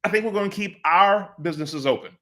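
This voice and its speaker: A man putting on the voice of a breezy male politician who brushes off orders in a high, offhand, dismissive tone. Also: a little fast, a bit bright.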